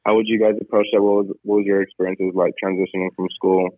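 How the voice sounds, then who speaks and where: A young man in his twenties calling in, politely asking for advice with many pauses. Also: deep voice, little pitch movement, no room sound. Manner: polite, hesitant with many ums. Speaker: caller, university student. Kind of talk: phone question to show. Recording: tinny phone line, dry.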